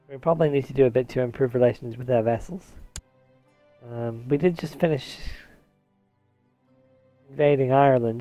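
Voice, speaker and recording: This game let's-player gives casual commentary while musing to himself, half-distracted, sometimes dabbling in a mock posh old-English put-on. His voice is medium-pitched and dark, and the recording sounds muffled.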